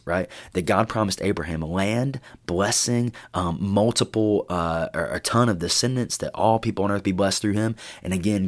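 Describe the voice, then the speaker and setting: Man, very low pitch, youth pastor, casual Bible teaching, earnest. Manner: earnest, conversational, with fillers and restarts.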